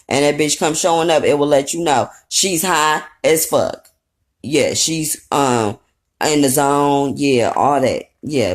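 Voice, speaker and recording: Blunt, profane woman recapping reality TV. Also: low-pitched. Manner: rambling with fillers and asides. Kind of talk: casual recap commentary.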